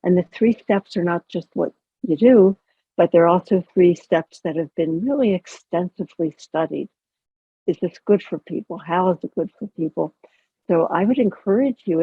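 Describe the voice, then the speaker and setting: A middle-aged woman, a chaplain and educator, giving a gentle, conversational teaching talk and acting out the inner voices she quotes. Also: on the low side, husky, no echo. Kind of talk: guided teaching talk on self-compassion. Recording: tinny phone-like call audio.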